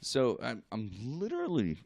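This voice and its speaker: A man's voice: mid-range voice, moderate pace, creaky, no echo. A man, a guest artist, telling a story in casual podcast chat, laughing and acting out what others said. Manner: animated, laughing, acts out quotes.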